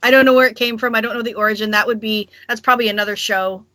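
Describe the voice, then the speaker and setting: Bright playful Canadian woman co-host. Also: fairly high pitch, steady tone, rapid-fire, dry recording. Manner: playful, joking. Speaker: podcast co-host. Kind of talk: casual chat.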